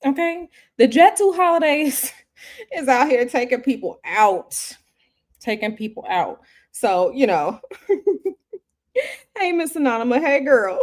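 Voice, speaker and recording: A woman's voice: fairly high pitch, animated, slow pace, pauses often. Chatty woman livestreaming tarot. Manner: chatty, repeats herself, talks straight to viewers. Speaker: tarot reader and livestream host. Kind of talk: casual livestream chat. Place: hotel room.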